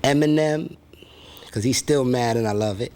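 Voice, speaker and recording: A man with a New York accent voicing a bitter, boastful male rapper persona who curses and brags loudly. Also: medium pitch, moderate pace, clear, resonant tone, natural voice. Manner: brash, cursing, boastful.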